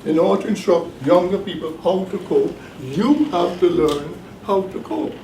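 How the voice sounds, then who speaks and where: A male professor lecturing with deliberate emphasis, circling back to repeat his key points. His fairly high voice is picked up from across the room, so it sounds roomy and echoey. A faint hum of background noise sits under him. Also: expressive, dark tone. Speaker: professor leading a course. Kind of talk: classroom lecture. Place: bookstore cafe classroom. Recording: echoey room, mic at a distance.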